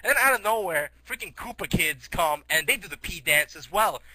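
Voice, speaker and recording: A man's voice: high-pitched, lively intonation, brisk, bright, forceful tone, no room sound, low-quality recording. A teenage boy telling a rambling comic story, giggly, restarting often.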